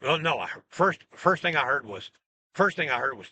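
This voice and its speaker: A man tells a long personal story in a loose, rambling way, doubling back and restarting his sentences. His voice is bright and sharp, sitting a little high for a man. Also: moderate pace, dry recording. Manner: rambling, animated retelling with restarts. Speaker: self-styled religious teacher. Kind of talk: casual storytelling monologue.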